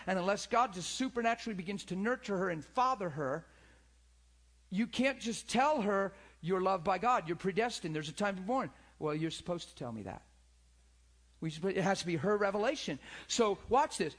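A middle-aged male pastor preaching a sermon, swinging from loud calls to hushed, near-whispered lines. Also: high voice.

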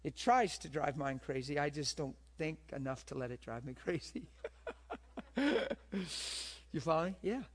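A man's voice: fairly high pitch, lively intonation, brisk, hardly any pauses. A man preaching a sermon to a live audience, telling stories and asking the room questions. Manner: storytelling, asks the room questions.

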